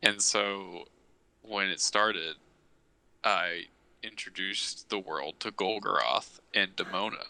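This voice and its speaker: Low, gravelly man on a podcast. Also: slow pace, sharp tone, no echo, low-quality recording. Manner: easygoing, hedging with "like". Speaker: podcast co-host. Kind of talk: casual chat.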